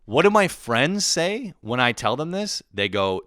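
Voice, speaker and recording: A man's voice: a little high, very animated, unhurried, few pauses, fairly bright tone, smooth, dry recording, clean studio sound. A Canadian man in his twenties ranting profanely in a comedic monologue, swinging into bursts of mock voices. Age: 20s. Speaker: comedian podcast host.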